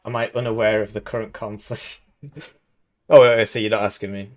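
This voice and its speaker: A man's voice: fairly low pitch, level tone, moderate pace. A man from the United Kingdom giving casual, rambling commentary on a strategy game tournament, chuckling often and answering chat questions.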